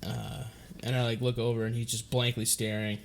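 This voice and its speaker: A man's voice: medium pitch, flat delivery, brisk, creaky, a little hiss or hum. A young man co-hosting a podcast, telling loose stories with plenty of swearing. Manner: loose storytelling, heavy swearing. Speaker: podcast co-host. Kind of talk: casual chat.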